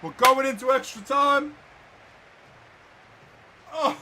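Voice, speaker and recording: High, bright-voiced excitable gaming man. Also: slow pace. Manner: excitable, shouts play-by-play; talks to viewers as guys and lads. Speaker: gaming YouTuber. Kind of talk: excited football game commentary.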